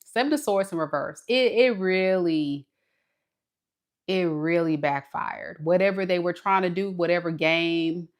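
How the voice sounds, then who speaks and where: Speaking a little slowly in a slightly low voice, a tarot reader chats casually through a reading in a monologue aimed straight at the viewer. She drifts into dramatic asides, voicing the other person's thoughts.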